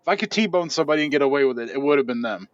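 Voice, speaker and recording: A man's voice: medium pitch, expressive, racing, no echo. A man co-hosting a casual podcast, talking bluntly and profanely in a laid-back way. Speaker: podcast co-host. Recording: dull, dry podcast mic.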